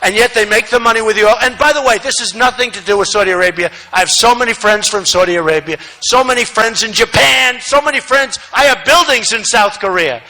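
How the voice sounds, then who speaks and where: A man giving a campaign rally speech, repeating phrases for emphasis and swinging between shouting and muttering asides. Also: high voice, fairly quick, hardly any pauses, rough recording. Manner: repetitive, emphatic, rambling asides. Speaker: political speaker at a rally. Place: large rally venue, no seating.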